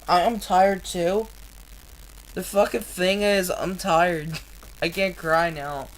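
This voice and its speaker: A woman reading a novel aloud on a live stream, earnest and deliberate, with blunt, profane asides between passages. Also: lowish voice, fairly even intonation, slight background noise, poor audio. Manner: slow, earnest reading with frequent swearing in asides.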